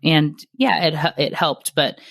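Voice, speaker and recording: A woman's voice: sits low, slow pace, gravelly, a bit bright, dry recording, clean studio sound. A woman hosting a podcast interview, chatting and thinking aloud with plenty of fillers. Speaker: podcast host.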